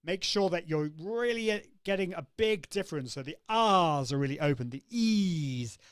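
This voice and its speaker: A man's voice: high voice, lively intonation, moderate pace, a bit bright, clean tone, no echo, clean studio sound. A man hosting a live online coaching session, upbeat and demonstrative, acting out vocal exercises as he explains them. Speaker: host.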